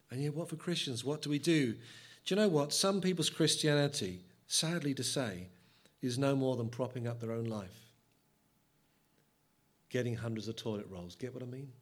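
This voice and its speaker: A man preaching a sermon, dramatic, swinging from loud and high to hushed. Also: normal speed.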